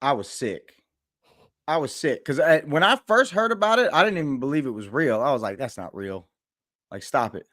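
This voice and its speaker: An indignant man with a notably high voice rants on a sports talk show, hammering the same points again and again. The sound is dry and close, with no room around it. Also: sing-song, fairly quick, fairly bright tone, no echo. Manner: indignant, ranting, repeats himself for emphasis.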